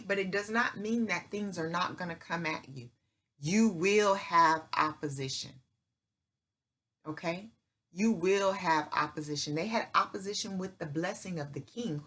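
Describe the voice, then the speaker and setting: A woman's voice: medium pitch, fairly bright tone, husky. A middle-aged woman hosting her own channel, giving an emphatic, preacher-like motivational faith talk in folksy speech, repeating herself and checking in with "right?" and "okay?". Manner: folksy speech with "y'all" and "ain't". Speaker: channel host.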